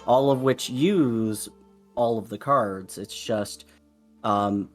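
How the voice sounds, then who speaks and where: A man's voice: mid-range voice, slow, faint music behind. A man chatting casually on a voice call with friends about a card game, rambling with many fillers and restarts. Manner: rambling, hesitant, lots of fillers.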